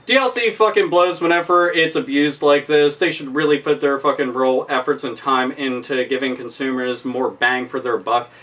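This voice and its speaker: A man rants to camera for his YouTube vlog in a medium-pitched, fairly bright voice, keeping fairly even intonation at a moderate pace with hardly any pauses. He swears nonstop, angrily repeating his points with heavy emphasis.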